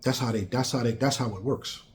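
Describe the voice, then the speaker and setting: A man's voice: mid-range voice, brisk, a little hiss or hum. A man giving a blunt, emphatic casual monologue on politics, repeating phrases for stress. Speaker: commentator.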